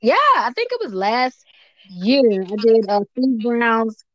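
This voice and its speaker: A woman's voice: fairly high pitch, slow pace, dry recording. A young woman stand-up comedian telling stories in a casual interview, blunt and profane.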